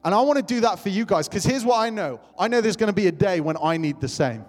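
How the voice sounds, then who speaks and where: A man's voice: high-pitched, expressive, fast talker. A young adult man preaching a sermon to his church, passionate and repetitive, calling out to the congregation. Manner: impassioned, repetitive calls to the congregation. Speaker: pastor. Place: church hall. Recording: long hall reverb with faint music.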